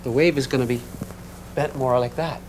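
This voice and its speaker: A man teaching a physics class in a classroom, talking in a relaxed, conversational way and checking in with his students. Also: medium pitch, moderate pace, very noisy. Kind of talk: classroom lecture.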